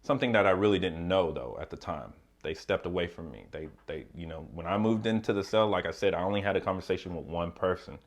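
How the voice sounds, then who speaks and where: A man's voice: low-pitched, fast talker, hardly any pauses. A man casually telling his prison story to the camera, loose and profane, with many fillers and asides.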